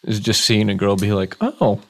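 A man's voice: on the low side, brisk. A man co-hosting a podcast, chatty and joking in casual conversation. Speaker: podcast co-host.

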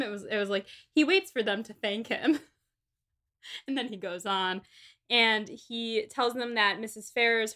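Bright chatty woman podcast co-host. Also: medium pitch. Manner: chatty and animated, laughs often. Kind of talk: casual book-club chat.

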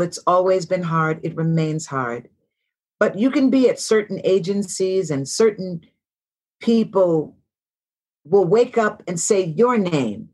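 Reflective woman in her sixties. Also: fairly low pitch. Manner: reflective, storytelling, repeats phrases for emphasis. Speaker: guest actress. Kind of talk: casual interview talk.

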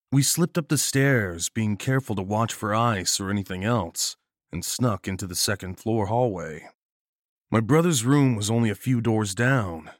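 A man narrates a horror story in steady first person, with a fairly low voice. The sound is dry and close, with no room around it. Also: no echo.

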